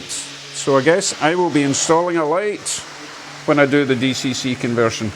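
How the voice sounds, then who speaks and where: A slightly high male voice at a moderate pace gives casual, upbeat commentary as he runs a model train around his layout at home for his railway channel. He's chatty and pokes fun at himself, and there's a touch of background noise.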